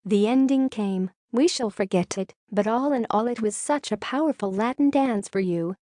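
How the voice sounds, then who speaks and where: A woman reads a celebrity news story in a steady, scripted way. Her voice sits a little high yet sounds mellow and soft-edged. The recording is close and dry, with no room sound. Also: normal speed, no room sound. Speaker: news narrator.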